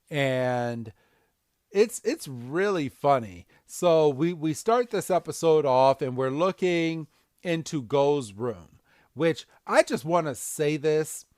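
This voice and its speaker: A man's voice: medium pitch, clean tone, no echo, studio quality. A man hosting a podcast, recapping a cartoon episode casually and acting out scenes. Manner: animated, acts out scenes. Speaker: podcast host.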